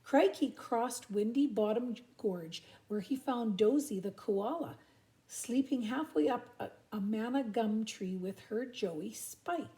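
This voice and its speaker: A woman's voice: fairly high pitch, slow pace, warm tone. An older grandmother reading a picture book aloud and stopping for chatty asides. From Canada.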